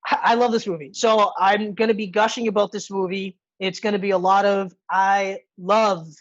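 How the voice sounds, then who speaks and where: A woman's voice: mid-range voice, steady tone, a little fast, no room sound, lo-fi sound. A woman co-hosting a podcast, chatting casually and gushing enthusiastically about a movie, swearing freely. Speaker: podcast co-host. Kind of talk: casual movie review chat.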